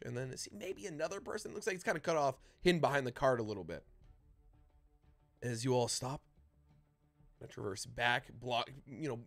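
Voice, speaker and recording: Guy running a tabletop game, lots of ums, mid pitch voice, dry sound. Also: no room sound. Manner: descriptive, halting, with many fillers. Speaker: dungeon master.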